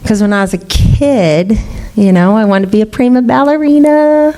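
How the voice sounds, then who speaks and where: A woman's voice: fairly high pitch, normal speed, warm tone. Candid woman telling her recovery story. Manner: candid, laughing, swearing freely. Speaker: recovery meeting speaker. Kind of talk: personal recovery talk. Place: meeting room.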